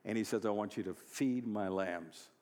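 A pastor preaching a sermon, moving from quiet storytelling to loud, fervent exhortation. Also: male voice, fairly low pitch, moderate pace, in a large hall. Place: church hall.

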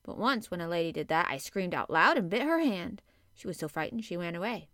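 A woman's voice: on the low side, very animated, fairly quick, fairly bright tone, no echo. Woman reading as a sulky invalid boy, brooding, petulant, dry close sound. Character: sickly, sulky young boy. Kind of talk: audiobook character voice.

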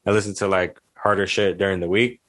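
A man's voice: sits low, flat delivery, quick pace, fairly bright tone, no echo, clean studio sound. A young man co-hosting a podcast, chatting casually in a laid-back, slangy way full of fillers. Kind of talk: casual chat.

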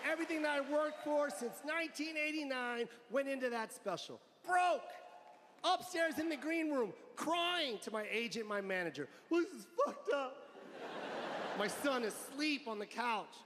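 A middle-aged man doing stand-up comedy on an arena stage, telling an animated story, acting out family members and sound effects, swearing often and shouting punchlines. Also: very high voice, moderate pace. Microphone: handheld stage mic. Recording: live arena show with crowd noise.

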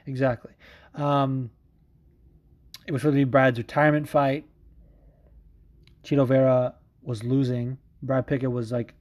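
A man in a casual monologue, rambling and excitable, swearing often and restarting sentences with lots of fillers. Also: medium pitch. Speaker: podcaster talking about mixed martial arts fighters.

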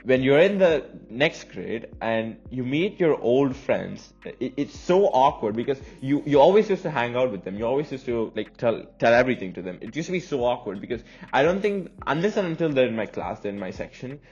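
A man's voice: medium pitch, lively intonation, brisk, few pauses, a little mellow, lo-fi sound, soft background music. A young man from India with an American-leaning accent, hosting a casual solo podcast in a chatty, rambling, self-conscious way. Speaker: podcast host.

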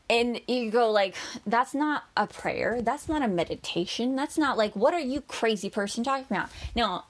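Chatty woman vlogging advice, bubbly, lots of likes and restarts. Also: medium pitch. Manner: chatty, bubbly, many fillers and restarts, laughs often. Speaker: spiritual vlogger. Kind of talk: casual advice monologue.

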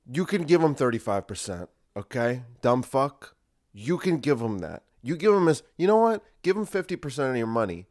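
A man's voice: medium pitch, sing-song, moderate pace. Podcast guy ranting alone, sarcastic and swearing a lot. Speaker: podcast host. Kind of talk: solo podcast rant.

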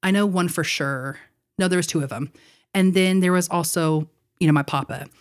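A woman's voice: on the low side, normal speed. A young woman co-hosting a podcast, telling a personal story in a casual chat, laughing often and leaning on fillers like "like" and "you know.". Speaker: podcast co-host.

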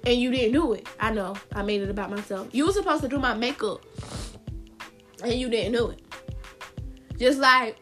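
A woman's voice: a little high, normal speed, pauses often, a bit bright, soft background music. A young woman hosting her own podcast, venting bluntly and casually to her listeners, swearing freely, her voice cracking at times. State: voice cracking, clearing throat. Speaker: podcast host. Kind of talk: casual solo podcast rant.

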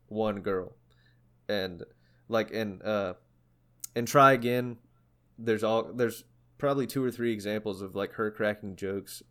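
A young man chatting on a podcast about music, his voice sitting a little low. He talks in loose, rambling stretches full of fillers and restarts. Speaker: podcast co-host. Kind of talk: casual chat about music.

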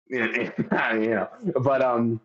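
Excitable, laughing podcast co-host. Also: male voice, mid-range voice, extremely slow, lo-fi sound, a loud crowd. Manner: excitable storyteller, laughs a lot, swears casually. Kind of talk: casual podcast chat.

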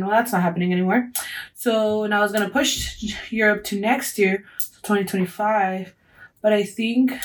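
A woman's voice: medium pitch, poor audio. A young woman hosting a casual solo podcast, chatty and rambling, poking fun at herself and dropping in the odd Spanish phrase. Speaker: podcast host.

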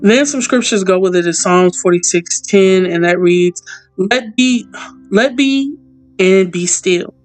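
A woman hosting a casual devotional podcast, praying and reading aloud in a heartfelt, expressive way and talking straight to her listeners. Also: medium pitch, a little slow, faint music behind. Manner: heartfelt, expressive, prone to tearing up; folksy, talks straight to listeners. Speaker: podcast host.

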